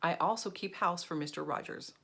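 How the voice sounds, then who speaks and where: Cheery mixed-up housekeeper lady read by an older woman, earnest storybook voice, a bit low. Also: a little fast, gravelly, bright, forceful tone, breathy edge, heavily acted. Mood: cheerful.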